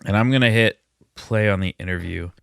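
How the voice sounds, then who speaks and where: A man hosting an improvised comedy podcast, with a deadpan, mocking delivery. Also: on the low side, fairly quick, gravelly, a little hiss or hum. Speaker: podcast host.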